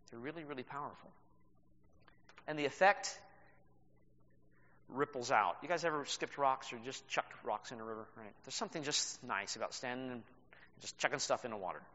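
A man preaching a sermon as pastor, telling a story with animated delivery and laughs. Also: mid-range voice. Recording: reverberant hall, dull sound.

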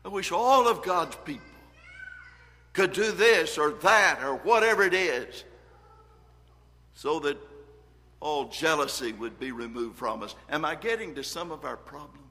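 A man preaching a sermon in a bright, forceful voice pitched a little high. He reads scripture with earnest emphasis, rising and dropping in volume. A long reverb trails his words through the hall.

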